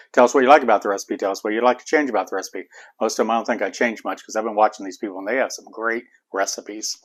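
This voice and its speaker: A man's voice: mid-range voice, a bit bright. A middle-aged man with an Appalachian accent, chatting casually to viewers as host of his home cooking channel. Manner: chatty, rambling, folksy. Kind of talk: casual cooking vlog talk. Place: home kitchen.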